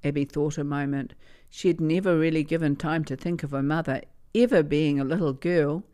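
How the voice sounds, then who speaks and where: Low-voiced woman narrating a story. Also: fairly quick, warm tone, smooth.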